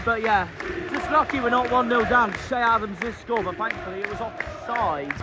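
A man from southwest England, a football fan vlogger giving excitable live commentary from the stands, shouting at the players. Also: extremely high pitch, normal speed. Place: outdoor football stadium stands. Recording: loud crowd and stadium noise.

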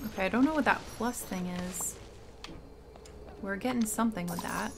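A woman streamer commenting casually on her gameplay, thinking out loud with small hesitations. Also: mid-range voice, moderate pace, gravelly, noisy background. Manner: thinking aloud, chatty with hesitations. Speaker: game streamer. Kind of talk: casual let's-play commentary. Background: faint game music.

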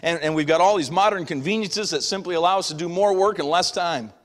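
A middle-aged pastor preaches a sermon in a folksy, conversational style, acting out little everyday voices. His voice is high and his pace quick, and the church sanctuary gives the recording a long hall reverb.

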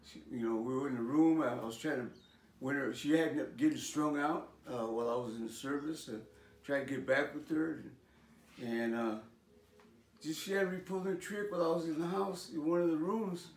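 A man's voice: fairly high pitch, brisk. Older man telling his life story. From California. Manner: casual, storytelling with "man" and "you know" fillers, street slang. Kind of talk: personal testimony. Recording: echoey room, voice from a distance.

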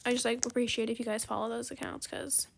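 A woman giving casual gameplay commentary, excitable and gushing, then soft and apologetic when she turns down offers. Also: on the high side, fast, vocal fry, slight background noise. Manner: apologetic, soft-spoken when declining trades. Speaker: gaming video creator.

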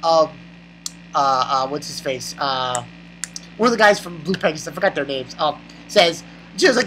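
Animated, bright-voiced manga reviewer. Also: mid-range voice, moderate pace, slight background noise, rough recording. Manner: animated and rambling, exclaiming and laughing. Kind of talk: casual excited chapter review.

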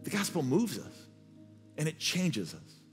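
A man's voice: a little high, wildly swooping pitch, measured pace, faint music behind. A man preaching a sermon as pastor. He tells his story earnestly and often repeats words as he restarts. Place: church stage.

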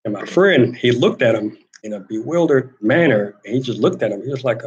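A man's voice: mid-range voice, animated, a little fast, hardly any pauses, a little mellow, highs cut off. A man hosting a casual talk show, telling an army story with quoted voices and reading viewer comments. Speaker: host.

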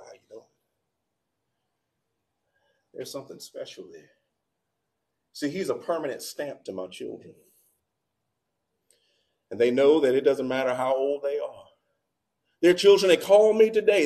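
A man preaching a sermon in a church, moving between quiet, low passages and loud, shouted appeals. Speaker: pastor. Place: church sanctuary.

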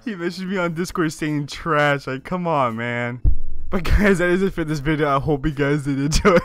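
A young man hosting a gaming video, commenting excitedly, laughing and yelling at what happens in the game. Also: on the high side, moderate pace, soft background music.

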